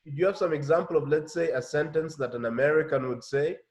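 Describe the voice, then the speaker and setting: A man's voice: a little high, quick pace, darkish tone. A man hosting a casual interview, asking questions and stumbling over repeated words as he asks. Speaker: interviewer, host.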